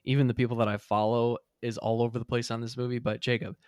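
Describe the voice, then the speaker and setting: Relaxed, wry podcast co-host man. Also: medium pitch, fast talker, clear, resonant tone, no room sound, clean studio sound. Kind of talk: casual movie review chat.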